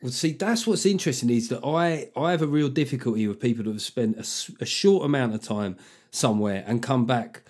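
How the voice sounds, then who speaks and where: A man hosting a podcast, asking questions in a casual, halting way with many restarts. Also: mid-range voice, darkish tone. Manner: halting restarts, laughs easily. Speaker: podcast host. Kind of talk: casual interview chat.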